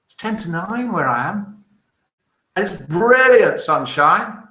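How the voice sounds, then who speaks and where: Man, live-stream host, cheerful, chatty, lively pitch, higher voice. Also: slow. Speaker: host of a live daily broadcast. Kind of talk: casual live-stream chat, reading viewer comments. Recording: roomy echo.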